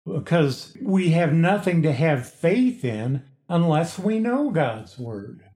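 A man preaching a Bible-teaching sermon, slow and deliberate, stressing key words emphatically. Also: fairly high pitch, big pitch swings, darkish tone, roomy sound. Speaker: pastor. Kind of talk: expository sermon.

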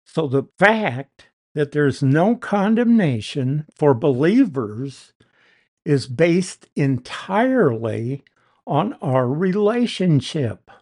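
A man's voice: a little high, big pitch swings, slow pace, a little mellow. A man teaching a verse-by-verse Bible lesson, explaining and stressing key words with emphasis.

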